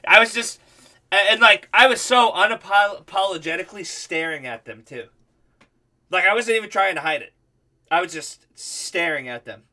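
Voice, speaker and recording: A man's voice: sits high, lively intonation, normal speed, pushed and bright. A male livestream host telling a rambling, profane story in casual chat.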